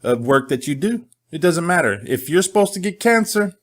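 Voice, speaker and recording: A middle-aged man hosting a casual monologue, telling his own story in a candid, joking, animated way. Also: a little high, normal speed. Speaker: host.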